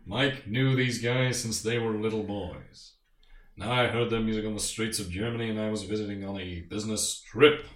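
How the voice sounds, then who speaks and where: A man's voice: fairly low pitch, steady tone, normal speed, distant mic, natural voice. A man playing a showy, boastful band manager who keeps quizzing the listener, in an improvised comedy interview. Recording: echoey, off-mic.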